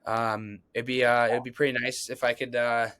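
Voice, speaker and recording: A man's voice: medium pitch, little pitch movement, moderate pace, fairly bright tone, clean tone. A young man, a hockey player guest on a podcast, talking casually and hesitantly with many fillers. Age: young adult. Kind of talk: casual chat.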